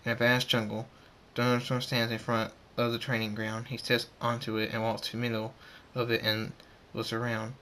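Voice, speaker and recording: Guy reading his fan story out loud, bright voice, trips over words sometimes. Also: medium pitch, monotone, moderate pace, few pauses, slight background noise. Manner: plain reading with stumbles and restarts. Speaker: amateur storyteller.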